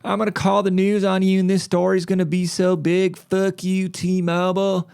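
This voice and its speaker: An irate store customer yelling threats at the counter, pitched well above a normal speaking voice, as a man acts him out. The voice is loud and drawn out, with a clear tone. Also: completely flat delivery, moderate pace. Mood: furious.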